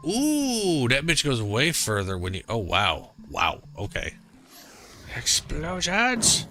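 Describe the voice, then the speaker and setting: Bright, excitable man gaming. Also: fairly low pitch, moderate pace, soft background music. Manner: excitable, joking, reacts aloud. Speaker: gamer streaming co-op. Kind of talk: casual gaming commentary.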